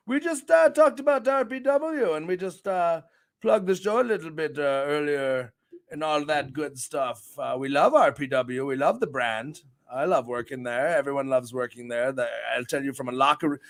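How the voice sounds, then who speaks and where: A man hosts a casual livestream, reading and greeting his chat in an upbeat, rambling way. His voice sits high for a man and carries a gravelly fry, and he bursts into loud, excited shout-outs. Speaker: livestream show host.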